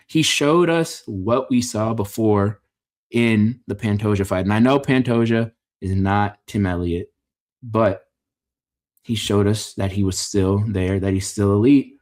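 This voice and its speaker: A man with a fairly low voice runs through a fight card in casual reaction commentary. He is opinionated and jokey, rambling a little and catching his own slips. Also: a little mellow. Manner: opinionated, joking, rambling with self-corrections. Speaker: MMA fight reaction host.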